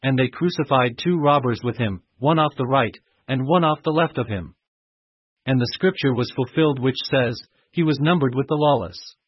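A man giving a steady, measured reading of scripture. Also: medium pitch, breathy edge, no room sound. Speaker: scripture reader. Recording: muffled dry recording.

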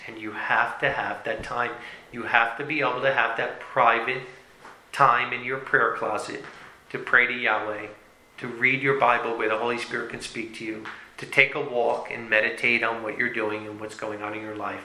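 A man preaching a sermon, reading scripture aloud and then commenting on it, swinging from loud emphasis to hushed lines. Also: medium pitch, normal speed, roomy sound, rough recording.

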